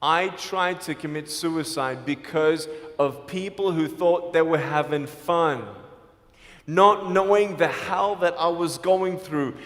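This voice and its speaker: A man speaks to a live audience in a large hall, and his voice rings out with a long echo. He tells his story with energy, acting out the people in it and moving between playful jokes and sincere appeals. His voice sits a little high for a man. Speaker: motivational speaker. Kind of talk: motivational speech to a live audience.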